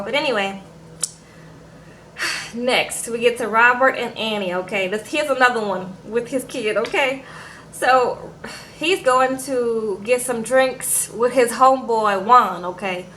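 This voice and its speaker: A woman's voice: a little high, pushed and bright, slight background noise. A woman casually recapping a reality show, retelling scenes and quoting people with a sassy "okay?" after her lines.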